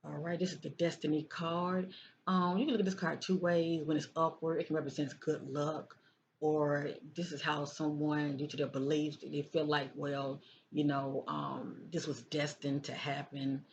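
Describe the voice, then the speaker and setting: A tarot reader gives a casual card reading in a mid-range voice with little pitch movement, at a moderate pace. She keeps checking in by asking "okay?" and repeats phrases. The recording sounds dull and lo-fi, with faint noise.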